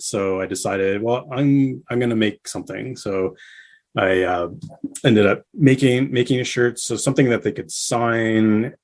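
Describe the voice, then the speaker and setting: A man guest on a casual podcast, telling a story with animated bursts when he quotes people. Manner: animated storyteller, acts out quotes with rising pitch.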